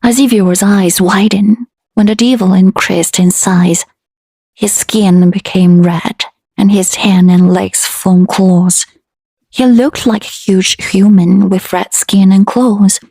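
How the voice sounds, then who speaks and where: A woman storyteller reading a fantasy romance aloud in a steady, unhurried way. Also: mid-range voice, husky, no echo.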